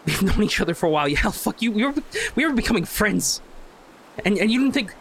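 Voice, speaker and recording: A man's voice: fairly high pitch, a little slow, slight background noise, lightly acted. A man voicing a young man pursuing his sister's killer, intense and accusing.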